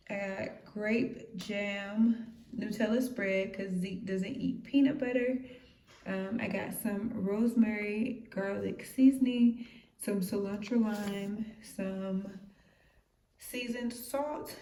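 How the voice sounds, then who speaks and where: A woman's voice: mid-range voice, steady tone, slow, a little mellow. A woman, chatting casually with lots of fillers as she vlogs her errands. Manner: chatty, loose and conversational with many fillers. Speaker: vlogger. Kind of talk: casual vlog chat. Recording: noisy background.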